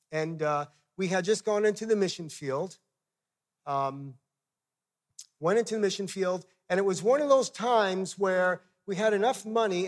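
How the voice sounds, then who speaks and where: A man in his fifties, a missionary preacher, giving a sermon with personal stories and putting direct, conversational questions to his listeners. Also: high-pitched.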